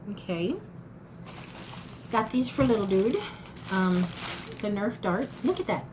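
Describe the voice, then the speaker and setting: A woman's voice: mid-range voice, measured pace, pauses often. Fifty-something woman, casual talkative haul vlogger, folksy, faint noise behind. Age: 50s. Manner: chatty, folksy, addresses viewers as y'all. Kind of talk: casual haul chat to camera.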